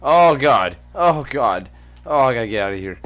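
A man giving loud, profane commentary while playing a block-building game, yelping when something startles him. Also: medium pitch, expressive, moderate pace, a little hiss or hum. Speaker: gaming YouTuber. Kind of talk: Minecraft let's play commentary.

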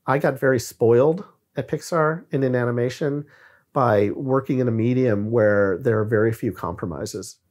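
A man in a podcast conversation, speaking at an everyday mid-range pitch. He is reflective and unhurried, and he often pauses or restarts to find the right word. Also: darkish tone. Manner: reflective, searching for words. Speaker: guest filmmaker.

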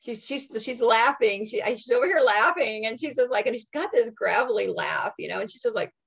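A woman working as a psychic medium, relaying messages in a halting, soft-spoken way with many restarts. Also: fairly high pitch, animated, vocal fry, slightly rough. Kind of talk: channeling messages in casual chat.

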